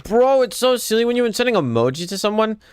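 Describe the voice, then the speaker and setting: Excitable streamer guy, clear lively voice. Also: quick pace, no room sound, clean studio sound, soft background music. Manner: excitable, jumps into squeaky high yelps. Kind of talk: casual stream chat.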